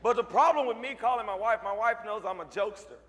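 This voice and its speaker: High bright-voiced man telling stories in a hall. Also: quick pace. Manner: animated, acts out voices and shouts. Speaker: motivational speaker. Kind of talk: comic storytelling speech to a live audience.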